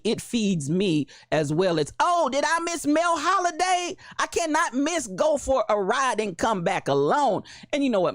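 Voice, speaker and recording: Animated woman livestream host. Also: low voice, no echo, studio quality. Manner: animated, playful, laughs often, calls out viewers by name. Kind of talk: casual livestream chat greeting viewers.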